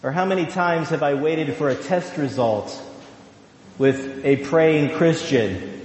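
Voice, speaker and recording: A male pastor giving a sermon, slow and emphatic, with drawn-out phrases. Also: on the high side. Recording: echoey hall.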